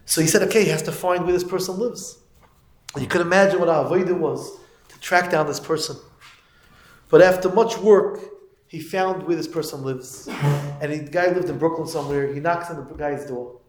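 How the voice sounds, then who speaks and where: Man, high voice, lecturing students, storytelling turning to fervent preaching, Yiddish and Hebrew terms throughout, echoey room. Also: fairly even intonation, moderate pace. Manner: storytelling, rising to emphatic moral preaching. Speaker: teacher of yeshiva students.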